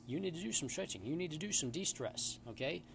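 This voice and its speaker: A man's voice: on the high side, expressive, fast talker, creaky, background noise. A man who works as a personal trainer, giving casual, emphatic advice to the camera in a gym and often checking in with "okay?" and "all right?".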